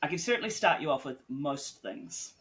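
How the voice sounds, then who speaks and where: A man's voice: on the high side, expressive, normal speed, fairly bright tone. A man on a casual podcast interview, talking bluntly and swearing freely, rambling with lots of "like" as he explains his work. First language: English. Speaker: guest author and editor.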